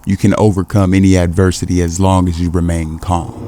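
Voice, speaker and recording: A man's voice: sits low, little pitch movement, brisk, mellow, faint music behind, natural voice. A man voicing a cocky young male martial arts master in a comic recap, reading the lines dryly. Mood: calm.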